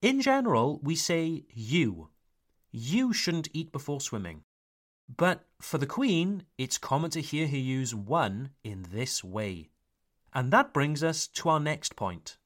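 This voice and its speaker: A man from Wales teaching English in a podcast lesson, pronouncing example words slowly and carefully and switching into French to explain. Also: fairly high pitch, big pitch swings, a bit bright. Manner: slow, careful, exaggerated pronunciation of example words.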